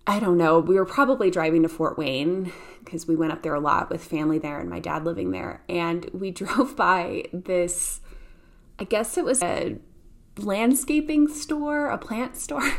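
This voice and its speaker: A woman from Indiana with a Midwestern accent, hosting a solo podcast in a chatty, storytelling way and laughing often. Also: on the low side. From Indiana, USA. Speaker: podcast host. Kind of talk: casual solo podcast talk.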